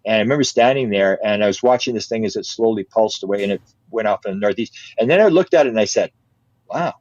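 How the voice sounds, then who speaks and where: An older man, an interview guest, telling a story in casual style, lively, repeating words and laughing often. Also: fairly low pitch, quick pace, no echo, highs cut off.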